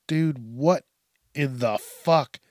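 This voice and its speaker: A man's voice: medium pitch, extremely slow, no room sound, studio quality. A man hosting a casual news commentary show, swearing constantly and laughing at his own stories.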